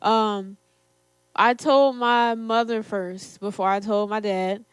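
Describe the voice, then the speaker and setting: A woman's voice: mid-range voice, fairly even intonation, slow, smooth, dry recording. A young woman in her twenties, co-hosting a podcast and telling a personal story in casual chat, laughing often. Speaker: podcast co-host.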